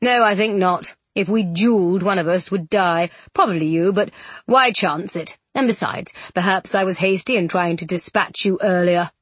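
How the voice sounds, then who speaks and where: A smug, silky older nobleman who threatens with easy condescension, as a woman narrator puts him on. The voice is slightly breathy and recorded dry, with no room around it. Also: on the low side, normal speed, a bit bright, no room sound. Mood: menacing. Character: scheming aristocratic male villain, older, smug.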